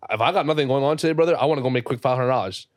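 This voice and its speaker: A young man in his twenties, a jeweler talking casually on a podcast in rapid, profane street slang. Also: medium pitch, no echo, clean studio sound. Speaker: jeweler guest.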